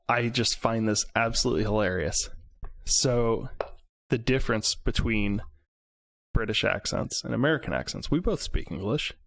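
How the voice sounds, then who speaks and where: A man's voice: lowish voice, creaky. A man from central Indiana co-hosting a podcast, ranting animatedly in casual chat and laughing at his own points. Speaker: podcast co-host.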